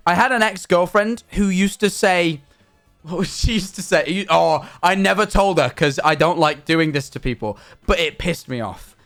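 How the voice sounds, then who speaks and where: A man's voice: high-pitched, moderate pace, a bit bright, faint music behind. A man livestreaming in casual chat with his viewers, ranting animatedly and swearing often.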